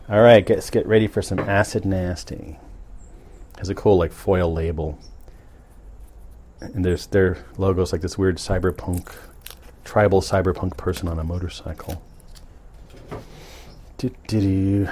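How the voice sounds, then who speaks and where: A man hosting a podcast, talking to himself in a relaxed, chatty, self-amused way. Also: deep voice, moderate pace, long pauses, a little hiss or hum. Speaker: podcast host. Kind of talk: casual rambling monologue.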